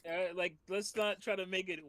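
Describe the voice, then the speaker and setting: A man's voice: high-pitched, level tone, moderate pace, pushed and bright. A man co-hosting a casual gaming podcast, blunt and profane, laughing often. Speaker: podcast co-host.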